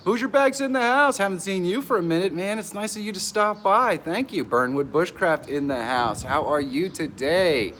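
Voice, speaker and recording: Middle-aged guy live streaming from a pavilion, hyped and jittery, shouts out chat names, laughs a ton, bit high pitched. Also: normal speed, hardly any pauses, slight background noise. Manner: excitable, greets viewers by name, laughs a lot. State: nervous and stressed. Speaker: vlogger hosting a live stream. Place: outdoor pavilion.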